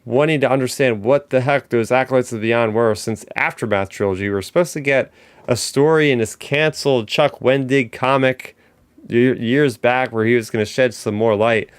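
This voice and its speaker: With a clear, resonant, medium-pitched voice and no echo, this male podcast host talks at a moderate pace. He chats casually and eagerly as a fan, full of "like," fillers, and restarts.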